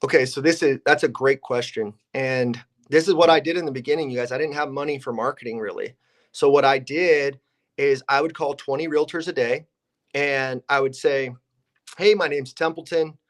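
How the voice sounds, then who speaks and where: A man's voice: mid-range voice, fairly even intonation, moderate pace. A young man, a real estate investor and agent, telling stories casually and acting out his phone calls with realtors. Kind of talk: casual podcast storytelling.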